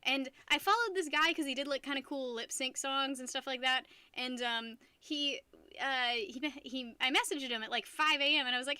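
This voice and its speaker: Young woman, high-pitched, bright tone, dry close sound, giggly live-stream chatter, restarts a lot. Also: moderate pace, clear, resonant tone, no room sound. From United States. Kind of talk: casual live-stream chat.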